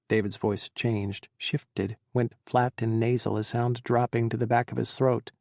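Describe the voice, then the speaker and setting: A man narrating an audiobook in an even, measured reading. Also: fairly low pitch, gravelly, breathy edge, no echo, clean studio sound. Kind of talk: scripted narration.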